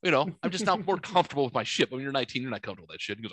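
A man in his forties co-hosting a podcast, telling a profane, animated story and acting out the people in it. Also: medium pitch, racing, no echo. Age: 40s. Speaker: podcast co-host. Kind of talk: casual storytelling chat.

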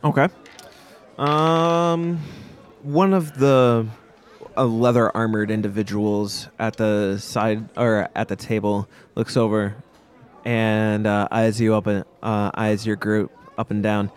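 A man narrating as game master in a tabletop game, halting with many fillers. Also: lowish voice, flat delivery, clean tone.

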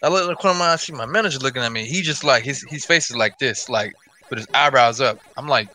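A man hosting a casual gaming podcast, telling stories in an animated, profane way. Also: mid-range voice, fast talker, a little hiss or hum. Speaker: podcast host.

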